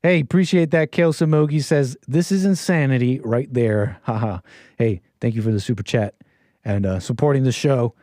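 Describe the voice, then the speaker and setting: A man's voice: medium pitch, fairly quick, no room sound, studio quality. A man hosting a live stream, reacting to a video clip with incredulous jokes for his chat. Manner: animated, incredulous, joking with chat.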